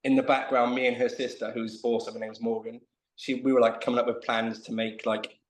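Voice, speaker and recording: A man's voice: medium pitch, level tone, brisk, reverberant. A man telling a long, self-mocking story in casual chat as a guest on a video call.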